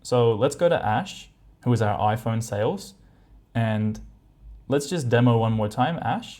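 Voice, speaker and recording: A man's voice: medium pitch, lively intonation, moderate pace, a little mellow. A man hosting a tech review, casually commenting while he tests voices and thinks aloud with ums.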